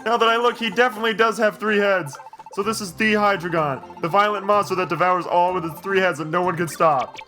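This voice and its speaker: A jumpy young explorer, as a man puts him on from a game, pitched well above the performer's normal voice, startled and excitable. The tone is bright and forceful, with faint music beneath. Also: fast. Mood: alarmed.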